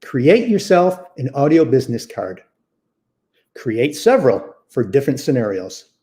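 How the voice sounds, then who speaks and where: A man's voice: medium pitch, big pitch swings, measured pace, dark tone. A man giving a step-by-step lesson on real estate investing, repeating key phrases as he teaches. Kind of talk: instructional talk.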